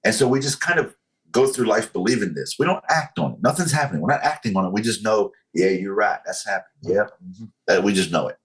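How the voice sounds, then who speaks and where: A man's voice: fairly low pitch, very animated, fast talker, poor audio. A man talking earnestly as a podcast guest, building his point with analogies and many fillers. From United States. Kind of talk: casual podcast conversation.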